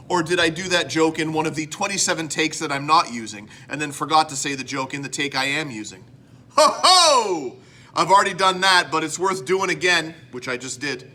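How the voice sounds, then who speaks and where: Bright-toned Canadian man rambling jokily. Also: a little high. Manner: rambling, self-mocking, jokey. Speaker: host. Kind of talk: casual vlog chat.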